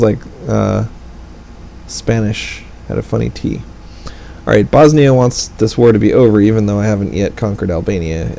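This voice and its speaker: A man's voice: on the low side, vocal fry, dark tone, slight background noise, low-quality recording. A man giving casual, rambling commentary over a strategy game, with wry asides. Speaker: gaming let's play commentator.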